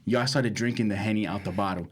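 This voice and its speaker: A man's voice: fast talker, husky. A young man, co-hosting a podcast and telling a wild story in slangy casual chat, acting out quotes and laughing. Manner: animated, slangy, acts out quotes with big pitch jumps and laughter. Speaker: podcast co-host.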